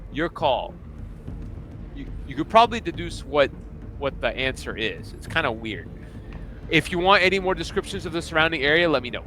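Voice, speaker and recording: A man's voice: fairly high pitch, big pitch swings, normal speed, pushed and bright. A young man narrating as the game master of a tabletop game in a casual, loose manner full of fillers.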